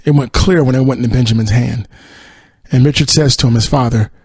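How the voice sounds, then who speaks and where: A man's voice: medium pitch, steady tone, brisk, darkish tone, breathy edge, no room sound. A male podcast host casually retelling a TV episode, rambling with many fillers and acted-out quotes.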